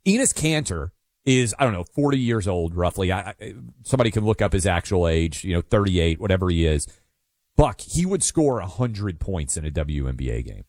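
A man's voice: low voice, big pitch swings, normal speed, a little mellow, no room sound, studio quality. A man hosting a talk radio show, emphatic and sarcastic in casual banter.

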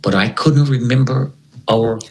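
A man as an interview guest, telling a personal story in an animated way and acting out the voices of the people in it. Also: medium pitch, a little slow, vocal fry, rough recording.

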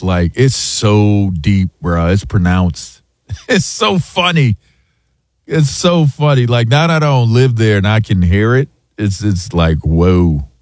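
Low-voiced, animated man in a dry studio. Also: no room sound. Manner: animated storyteller, laughs often, mimics voices. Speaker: radio sports co-host. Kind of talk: casual radio banter. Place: radio studio.

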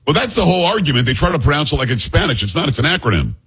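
Lively husky-voiced male radio host. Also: fairly high pitch, very fast. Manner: animated storyteller, jokey asides. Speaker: radio talk show host. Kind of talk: casual radio banter.

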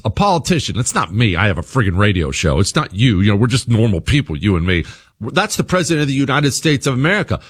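A man's voice: mid-range voice, fairly bright tone, slightly rough. A man hosting his own radio show, talking straight to listeners in an emphatic monologue that leans on repeated phrases.

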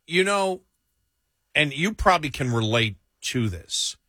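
A man's voice: a little high, a little slow, no echo. A man who hosts a radio show and podcast, chatting casually and telling stories with frequent laughs. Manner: laughing, animated storytelling. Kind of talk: casual chat.

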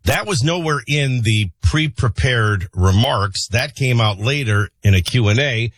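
A man hosting a morning talk radio show, mixing news headlines with opinionated, conversational commentary and frequent filler pauses. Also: mid-range voice, animated, fairly bright tone, husky, dry recording. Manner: opinionated, conversational, sarcastic asides. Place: radio studio. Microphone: studio broadcast mic.

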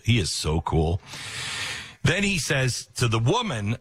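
A man's voice: medium pitch, sing-song, measured pace, fairly bright tone, husky. A man giving opinionated political news commentary, retelling stories sarcastically and acting out the quotes.

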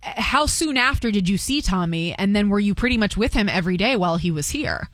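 A woman hosting a chatty interview, animated and quick to act out other people's lines. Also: mid-range voice, dry recording. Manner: animated, quotes people in quick put-on voices. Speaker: host.

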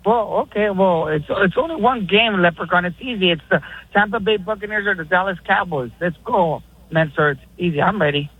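A man's voice: high voice, brisk, breathy edge, no echo. A man who calls in to a sports radio show to give his picks, eager and playfully teasing the others. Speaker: regular caller making football picks. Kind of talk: casual radio banter. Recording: dull lo-fi phone line with fiddle music.

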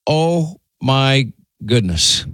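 A man with a New York accent hosting talk radio, trading quick teasing banter with his co-host in a studio. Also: mid-range voice, sing-song, a bit bright, dry recording. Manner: teasing, quick back-and-forth. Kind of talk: casual on-air banter.

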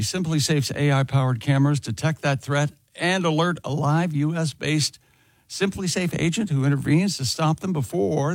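A radio show host reading a home-security ad in a dry, mock-boastful way. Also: male voice, fairly high pitch, no room sound. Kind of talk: reading a live ad read.

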